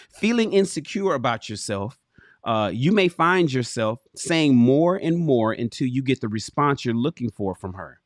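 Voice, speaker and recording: A man hosting a casual livestream, reading a relationship book aloud and commenting to his viewers in an animated, swearing, buddy-to-buddy manner. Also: medium pitch, no echo, clean studio sound. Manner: animated, swearing, addresses viewers as fellas and bro. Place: home.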